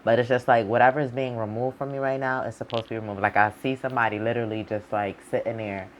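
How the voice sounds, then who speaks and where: A man's voice: mid-range voice, fairly even intonation, quick pace, a little hiss or hum. A man doing a casual, rambling tarot reading for his channel, full of fillers and loose, informal talk with the odd swear word. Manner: loose and rambling, heavy on "like" and "you know". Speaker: tarot reader.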